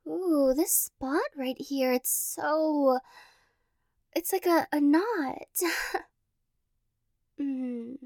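A high, unhurried voice of a teasing girlfriend, played by a young woman. She is clingy and playfully dramatic, with a slight vocal fry, close to the mic in a dry, quiet room. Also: no room sound, heavily acted. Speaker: role-play performer. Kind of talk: girlfriend role-play audio.

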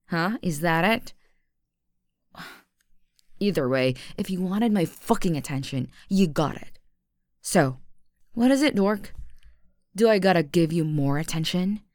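A woman's voice: fairly low pitch, darkish tone, no room sound, clean studio sound. A young woman in an audio role-play, talking to the listener as an aggressive, mocking, swearing bully.

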